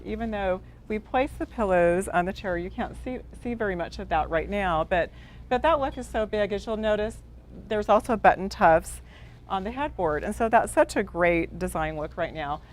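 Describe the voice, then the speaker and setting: A woman's voice: medium pitch, a little hiss or hum. Enthusiastic woman co-hosting design demo. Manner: enthusiastic, agreeable. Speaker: co-host designer. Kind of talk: home decor demonstration.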